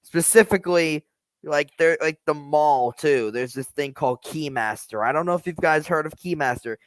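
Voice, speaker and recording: A man's voice: on the high side, normal speed, no echo. A man hosting a reaction video, rambling casually and hesitantly about the clip.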